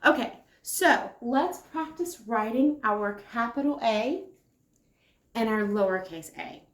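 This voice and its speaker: Slow, encouraging woman teaching small children. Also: fairly high pitch, lively intonation, reverberant. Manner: slow, encouraging, replies to imagined children's answers. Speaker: kindergarten teacher. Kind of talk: circle time lesson for young children.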